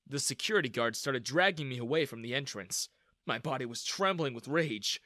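A man narrating a first-person story in a dramatic, expressive way. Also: medium pitch, normal speed, no room sound, clean studio sound.

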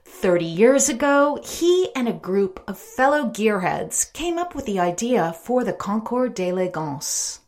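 Female podcast host, measured read, lively intonation. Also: medium pitch. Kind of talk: scripted narration.

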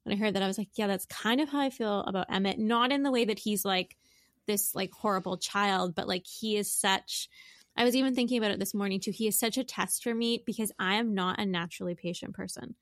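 Woman, 30s, casual podcast co-host; talkative, filler-heavy delivery, mid pitch, dry close-miked sound. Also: brisk, a bit bright, no echo. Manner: chatty, lots of filler words. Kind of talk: casual chat.

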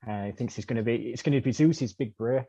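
A man, podcast co-host, narrating a comic story in a deadpan, hesitant way. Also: mid-range voice, fast, husky. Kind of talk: comedic storytelling. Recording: dull dry recording.

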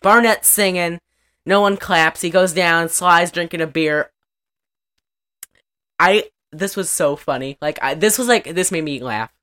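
A woman's voice: on the low side, a little slow, sharp tone. A woman in a casual chat, recapping a movie in a chatty, profane way and laughing often.

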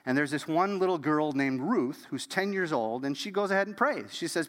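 A man preaching a storytelling sermon as pastor, animated and dropping to a hush at key moments. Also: a little high, normal speed, few pauses, in a large hall.

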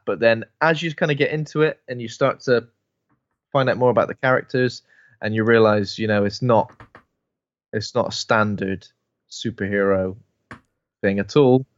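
A man co-hosting a podcast, chatting casually about shows and films, quick and full of restarts. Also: lowish voice, lo-fi sound. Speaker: podcast co-host.

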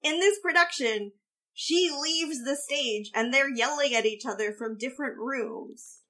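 A woman co-hosting a podcast, chatting in a lively way about a theatre production. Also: high-pitched. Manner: lively, chatty, quick to act out quotes. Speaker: podcast co-host. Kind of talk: casual theatre discussion.

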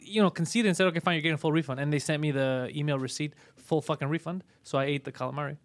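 A man hosting a casual podcast, telling a profane, animated story full of acted-out quotes. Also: on the high side, racing, no echo. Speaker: podcast host.

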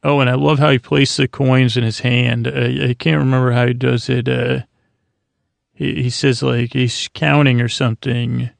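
A man hosting a sleep podcast, recapping an episode in a low-key, rambling way, full of fillers and restarts. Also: little pitch movement, normal speed, creaky, dry recording. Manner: low-key, drowsy delivery. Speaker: podcast host.

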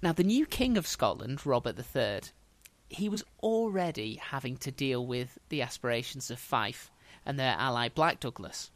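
A man's voice: mid-range voice, lively intonation, moderate pace, few pauses. A man hosting a podcast, telling history as a casual story with dry, wry humour.

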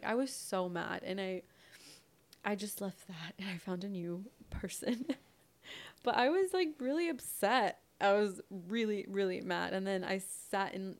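A woman's voice: mid-range voice, unhurried. A young woman co-hosting a podcast, chatting casually and acting out both sides of a conversation as she tells a story. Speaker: podcast co-host. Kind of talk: casual chat.

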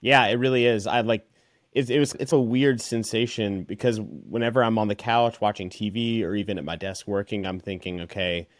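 Laid-back host guy, lowish voice, dry recording, chatty with lots of likes. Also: steady tone, brisk, no room sound. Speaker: podcast host. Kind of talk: casual interview chat.

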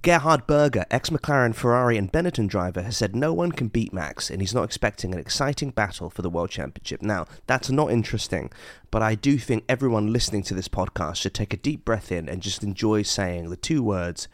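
A man's voice: lowish voice, lively intonation, a little fast, few pauses, no room sound. A man co-hosting a podcast in casual, jokey chat, often breaking into silly voices. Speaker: podcast co-host.

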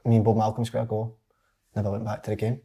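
A man's voice: on the low side, little pitch movement, fast, mellow, breathy edge. A Scottish man, a footballer, ranting bluntly in casual chat, laughing and swearing. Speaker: footballer, podcast regular.

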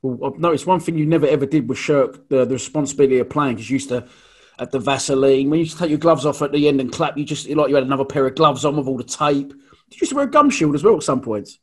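Fast-talking husky male host. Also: medium pitch, lively intonation. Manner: chatty, recalling details to prompt the guest. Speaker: podcast host. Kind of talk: interviewing.

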